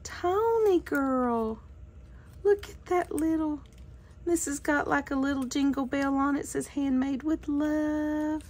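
A woman's voice: high voice, takes it slowly, a little mellow. A woman craft vlogger opening handmade gifts on camera, gushing with thanks and delight. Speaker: craft YouTuber. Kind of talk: casual unboxing vlog.

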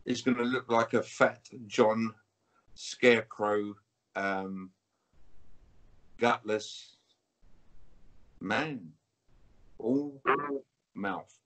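British man, husky, combative interview guest on a video call, taunting. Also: mid-range voice, extremely slow, pauses often, a bit bright. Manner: taunting, repetitive, calls listener mate. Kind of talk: combative interview trash talk.

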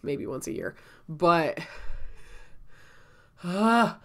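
A woman's voice: low-pitched, a little slow. A woman telling a casual story-time vlog while sick and out of breath, chatty and rambling, often laughing and coughing between thoughts. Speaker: vlogger.

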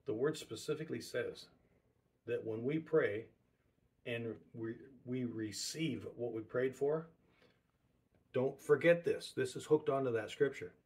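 A man preaching a sermon in a relaxed, conversational way, repeating words for emphasis. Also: mid-range voice, a little slow, husky.

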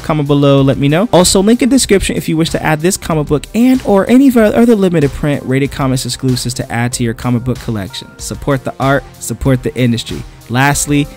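A man's voice: medium pitch, a little mellow. A man casually recapping a comic book for his channel, chatty and slangy.

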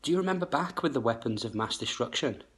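A man's voice: medium pitch, lively intonation, fast. A man hosting his own channel, talking straight to the camera in an emphatic, insistent way, full of rhetorical questions. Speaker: channel host. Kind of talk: direct-to-camera monologue.

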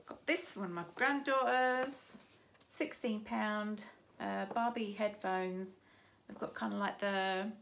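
A chatty woman in her fifties walks through her shopping haul, rambling and restarting as she goes. Her voice has a gravelly edge, and clear background noise runs under the recording. Her pitch sits in a middle range for a woman. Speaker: vlogger showing a shopping haul. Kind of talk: casual haul chat.

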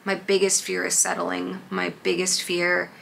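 A woman's voice: on the low side, monotone, unhurried, creaky, fairly bright tone, slight background noise. A young adult woman in a casual talk-to-camera vlog, candid and rambling, swearing freely. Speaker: vlogger.

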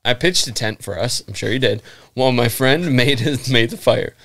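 A man's voice: medium pitch, moderate pace, fairly bright tone, no echo. A man hosting a podcast, casually reading a story aloud and chatting, often laughing and swearing. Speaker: podcast host.

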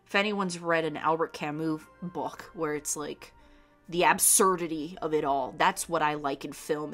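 A young woman with a deep, low-pitched voice talks casually on her podcast, rambling with enthusiasm. She keeps circling back with ums and half-started sentences. Soft music sits faintly in the background. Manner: enthusiastic, rambling with many fillers and restarts. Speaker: podcast host. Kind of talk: casual rambling film talk.

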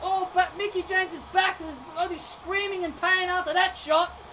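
A woman doing excitable play-by-play wrestling commentary over a video game, often shouting and tripping over her words. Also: very high-pitched, moderate pace. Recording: distant mic with noisy background.

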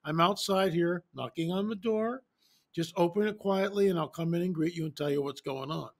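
A man's voice: high-pitched, normal speed. A man voicing a playful, casual figure greeting his friends in an offhand, joking way. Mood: breezy.

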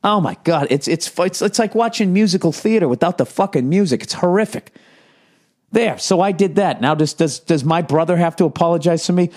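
Guy ranting on his podcast, swears nonstop, cracks himself up reading stuff out, voice on the higher side. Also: animated, brisk, a little mellow. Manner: profane, mocking, laughs while reading aloud. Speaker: podcast host. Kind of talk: comedic podcast rant.

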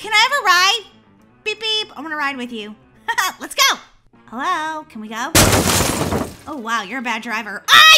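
A woman hosting a gaming channel, chatting excitedly through a video game and squealing when she is chased. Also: high voice. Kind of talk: playing a video game with commentary.

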